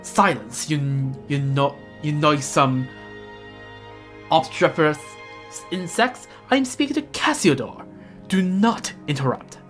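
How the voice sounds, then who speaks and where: A woman's voice: low-pitched, a little slow, soft background music. A woman voicing a haughty, ancient male villain in a mildly posh, pompous tone for a game read-along.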